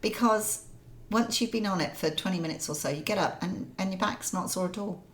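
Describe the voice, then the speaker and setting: A middle-aged woman co-hosting a casual chat podcast, chatty and quick to laugh, in pain from a hip injury. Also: mid-range voice, soft background music. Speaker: podcast co-host.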